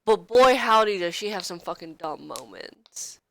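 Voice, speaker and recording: A young woman talks casually as a podcast co-host, blunt and candid and quick to swear. Her asides ramble, and her voice sits at a middle pitch. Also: animated, creaky, dry recording. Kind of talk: casual chat. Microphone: podcast microphone, streamed live.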